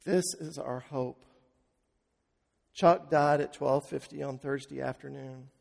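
Slow-preaching man in an echoing church. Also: mid-range voice, steady tone, gravelly. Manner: slow, with hushed drops and swells to loud emphasis. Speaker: pastor. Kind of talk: sermon. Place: church sanctuary. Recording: long reverb of a large hall.

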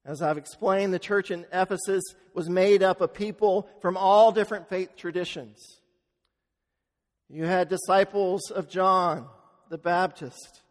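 A pastor preaching to his congregation in a slightly high voice, earnest and unhurried as he tells a story. He slows down and drops his voice on key phrases. The sound carries a long reverb from the church sanctuary. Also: steady tone. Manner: earnest storytelling, slowing for emphasis. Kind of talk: sermon.

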